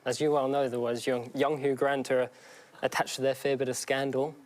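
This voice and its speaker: A man's voice: medium pitch, little pitch movement, moderate pace. A young man competing on a TV quiz, talking in a hesitant, modest way full of ums. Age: young adult. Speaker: quiz contestant. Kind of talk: casual banter on a TV quiz. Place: TV studio before a live audience. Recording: TV studio, audience and noise.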